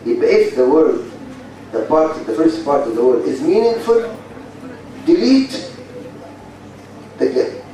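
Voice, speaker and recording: In a large lecture hall, a man with an Egyptian Arabic accent runs a university phonetics lecture, bluntly drilling the class and repeating points. His slightly high, mellow voice is very animated yet slow, with frequent pauses. The sound is very echoey, from a distant mic with faint hiss.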